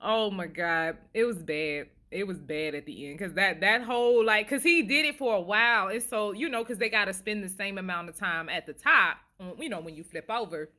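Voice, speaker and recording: A woman's voice: medium pitch, normal speed, hardly any pauses, bright, forceful tone. A woman vlogger telling a funny story casually to the camera, laughing often, recorded on a handheld phone.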